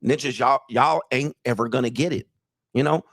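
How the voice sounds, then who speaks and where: A man's voice: medium pitch, normal speed, gravelly, fairly bright tone, dry recording, clean studio sound. A man hosting a livestream, lecturing viewers in a blunt, profane way and laughing between points. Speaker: commentator, channel host. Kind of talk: livestream commentary rant.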